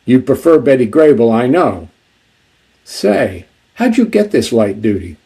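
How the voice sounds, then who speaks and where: A man's voice: mid-range voice, very animated, unhurried, warm tone, slightly rough, heavily acted. A man reading aloud as a brash young male entertainer who jokes with wounded soldiers in a breezy showman way. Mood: joshing. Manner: breezy wisecracking showman calls.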